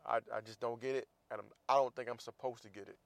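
A man's voice: medium pitch, fairly even intonation, fast talker, creaky, no echo. A man hosting a casual opinion monologue, talking in a blunt, profane and heated way, with sarcastic asides. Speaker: podcast host.

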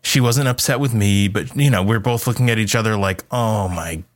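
A man's voice: mid-range voice, brisk. A man in his thirties, a podcast co-host, telling a family story in casual chat and acting out quotes. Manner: animated, acts out quotes with a raised voice.

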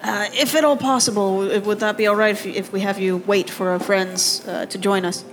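A woman's voice: mid-range voice, fairly even intonation, moderate pace, a crowd in the background. Woman playing a tabletop game. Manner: describes actions in first person. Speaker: player.

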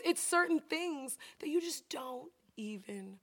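A woman chatting casually about her therapy, animated and expressive, acting out quotes and laughing often. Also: sits high, slow.

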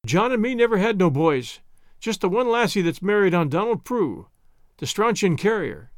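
A man's voice: sits high, sing-song, moderate pace, no echo, studio quality. A man voicing a homely elderly village postmistress, speaking in plain broad dialect. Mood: wistful. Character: homely old Scottish village postmistress, woman.

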